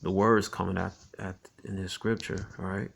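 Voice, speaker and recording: A man with a low, gravelly voice gives a loose, chatty Bible teaching. He keeps saying "man" and "all right" as he goes, and slows down to read the verses. His talk is broken up by frequent chuckles. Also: little pitch movement, fairly bright tone, slight background noise. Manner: conversational, tags lines with "man" and "all right"; reads scripture slowly and deliberately. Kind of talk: informal scripture teaching.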